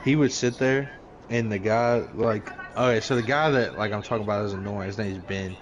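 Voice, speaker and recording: A man's voice: fairly low pitch, moderate pace, muffled recording, a crowd in the background. A man chatting casually, telling laid-back, agreeable stories about coworkers. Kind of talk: casual chat. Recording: audible background noise.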